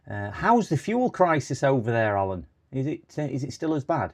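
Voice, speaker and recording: A man's voice: mid-range voice, expressive, moderate pace, gravelly. A middle-aged man hosting a casual live stream, chatting in a rambling way that often slides into exasperated rants. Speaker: livestream host.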